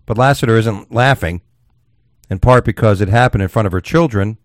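Low-voiced guy on a talk show, crude and jokey, dry close sound. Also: no echo. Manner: crude, joking, halting restarts. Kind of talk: casual chat, reading news stories.

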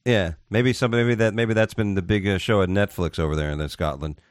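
A man's voice: fairly low pitch, fairly even intonation, fairly quick, no echo, clean studio sound. A man co-hosting a podcast in casual chat, rambling and joking. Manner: rambling, jokey, puts on silly voices. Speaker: podcast co-host.

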